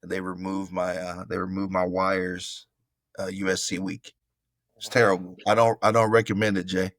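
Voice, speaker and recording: A middle-aged man from Florida tells a story over a video call in a low voice. He acts out what people said and keeps calling the host bro. The sound is dry and close. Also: moderate pace, no echo. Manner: animated storyteller acting out quotes, calls host bro. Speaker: podcast guest, former football player. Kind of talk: casual storytelling interview.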